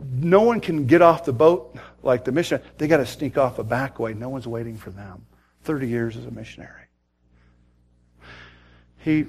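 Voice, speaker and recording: A man preaching a sermon, telling a story dramatically and swinging from loud to hushed. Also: mid-range voice. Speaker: pastor.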